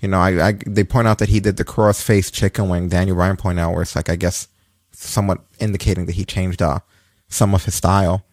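This man co-hosts a laid-back podcast and speaks briskly with a flat, slightly mellow delivery. His wrestling recap rambles with frequent fillers, swearing and high laughing rants, all captured in clean studio sound with no room echo.

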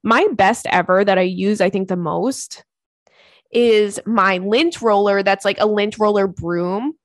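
A young woman hosting a podcast in casual chat, talking fast and swearing, laughing often and breaking into high squeals. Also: dry recording. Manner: chatty, profane, laughs often, bursts into squeals. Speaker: podcast host.

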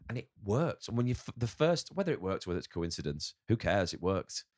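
A man's voice: on the low side, sing-song, quick pace, few pauses, a little mellow, no echo, studio quality. Candid, casually swearing man. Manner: candid, swears casually, acts out inner voices. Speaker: restaurant owner, podcast guest. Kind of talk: casual podcast conversation.

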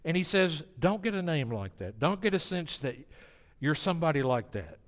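Preacher with a ringing hall echo. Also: male voice, on the high side, very animated, moderate pace. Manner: dynamic preaching, swinging from hushed to emphatic. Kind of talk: sermon. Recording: long reverb of a large hall.

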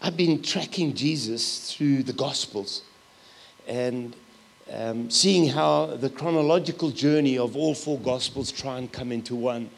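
A middle-aged man preaching a sermon as a pastor, telling stories with loud, animated asides. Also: medium pitch, measured pace, vocal fry.

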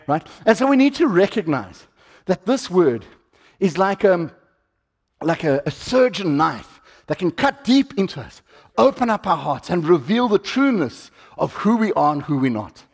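A high-voiced man preaches to his congregation. He keeps it chatty, throws questions at the room and acts out little quotes. A long church-hall reverb trails after his words. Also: very animated, moderate pace. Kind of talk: sermon.

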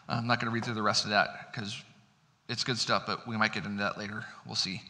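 Male pastor, informal preaching, chatty and self-deprecating, bright tone, long hall reverb. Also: medium pitch. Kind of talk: casual conversational sermon. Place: church sanctuary.

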